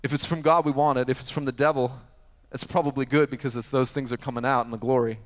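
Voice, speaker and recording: A male pastor preaching a sermon, telling a story with sudden shifts between loud, emphatic preaching and hushed asides. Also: medium pitch, fairly even intonation, fast. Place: church sanctuary. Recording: long church hall reverb.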